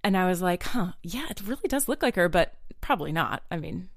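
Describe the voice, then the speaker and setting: A woman's voice: fairly low pitch, expressive, a little fast, a crowd in the background. A woman from Maine, co-hosting a podcast and telling a story in casual chat, acting out the dialogue. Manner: chatty, acts out quoted dialogue. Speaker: podcast co-host.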